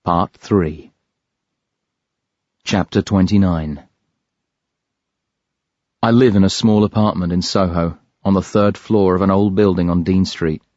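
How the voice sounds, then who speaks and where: A man with a very deep voice narrates a first-person thriller in a measured, grave tone. The sound is dry and close. The top end is a little dull. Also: fairly even intonation, a little mellow, no echo. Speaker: audiobook narrator. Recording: dry, slightly dull studio recording.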